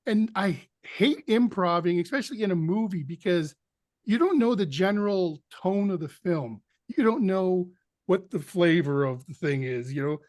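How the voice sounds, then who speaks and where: An actor guest on an interview podcast, telling a story with lively act-outs of what people said. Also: male voice, high-pitched, moderate pace, dry recording, clean studio sound. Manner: animated anecdote teller, acts out quotes.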